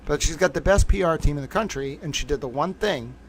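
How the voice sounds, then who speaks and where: A man's voice: a little high, fast, a little hiss or hum. A man giving casual livestream commentary, talking in a rambling, profane and emphatic way.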